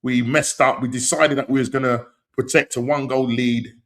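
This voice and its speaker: A man hosting a football podcast, talking in animated, slang-heavy banter and laughing often. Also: medium pitch, brisk. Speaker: podcast host.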